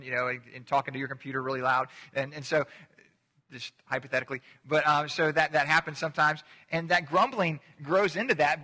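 A man's voice: on the high side, bright, forceful tone, long reverb tail. A middle-aged man preaching a casual, joking sermon as pastor, drawing the congregation in to repeat words with him.

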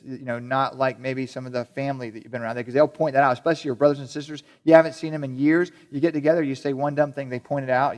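A pastor preaches to his congregation in an easy, talky way, with a voice sitting a little higher than most men's. He keeps asking the room questions and stumbles into restarts and repeated words. It is a plain church sermon, loose rather than polished. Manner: conversational, asks the congregation many questions. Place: church service before a congregation.

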